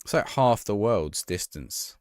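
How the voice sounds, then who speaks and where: Chatty male streamer, low voice with lively swings, dry close sound, reacting to a football sim. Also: measured pace, smooth, no room sound. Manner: chatty, thinks aloud and reacts to the game, talks to chat. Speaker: streamer playing a football management game. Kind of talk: casual live-stream chat.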